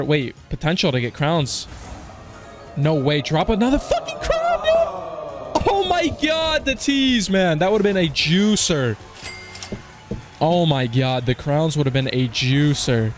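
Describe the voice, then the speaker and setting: A man giving live gambling commentary as a slots streamer, casual and slangy, swearing and bursting into yells on big hits. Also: fairly high pitch. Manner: casual slang, keeps saying "dude" and "man".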